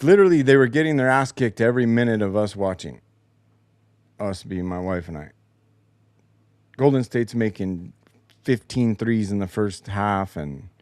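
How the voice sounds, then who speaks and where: A man's voice: fairly low pitch, darkish tone, dry recording, studio quality. A man hosting a casual solo show, telling a profane, exasperated story about a broken game recording. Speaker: podcast host. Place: home basement.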